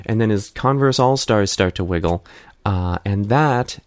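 A middle-aged man co-hosting a comedy podcast, telling absurd stories deadpan and slipping into silly voices. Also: on the low side, unhurried, no room sound. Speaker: podcast co-host. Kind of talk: casual comedic chat.

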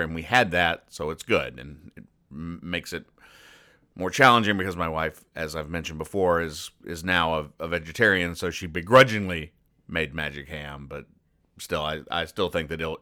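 A man hosts a comedy show, reading the funnies and explaining each joke in a rambling, deadpan manner. His voice sits very low, with a bright, forceful edge and a smooth, crisp clarity. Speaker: podcast host.

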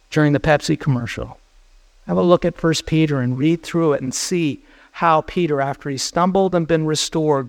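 Earnest preacher with a higher voice. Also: male voice, creaky, dry recording. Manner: earnest, urgent, exhorting. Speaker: pastor. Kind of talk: sermon.

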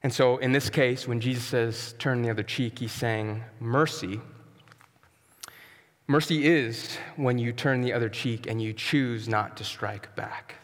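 A man preaching a sermon as pastor, earnest and emphatic, sometimes dropping to a soft, quiet tone. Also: medium pitch, steady tone, a little slow, big-room sound. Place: church sanctuary.

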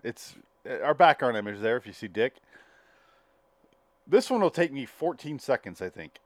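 A man's voice: mid-range voice, moderate pace, no room sound. A man co-hosting a casual podcast, retelling TV scenes and acting them out. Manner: animated storyteller who acts out scenes. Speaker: podcast co-host. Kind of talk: casual chat, reacting to a TV show.

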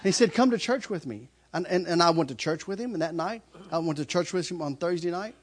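A middle-aged man gives his testimony in a loose, rambling story, his voice on the high side and fast. He laughs often and trips over repeated words.

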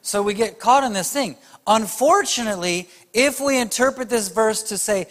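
A man's voice: sits high, animated, normal speed, few pauses, a bit bright, long reverb tail. A man preaching a sermon, emphatic and speaking straight to his audience. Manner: emphatic, addresses the audience directly.

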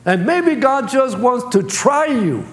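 A man's voice: very high voice, lively intonation, slow. A man preaching a sermon as pastor, speaking in plain colloquial phrasing and acting out voices. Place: church sanctuary. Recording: echoey church hall.

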